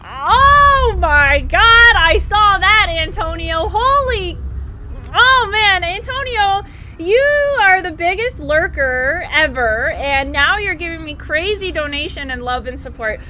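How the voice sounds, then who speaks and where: High, excitable woman streamer. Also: takes it slowly, a little hiss or hum. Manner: excitable, screams and laughs at scares, gushing thanks to chat. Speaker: live game streamer. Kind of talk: live gameplay streaming, chatting with viewers.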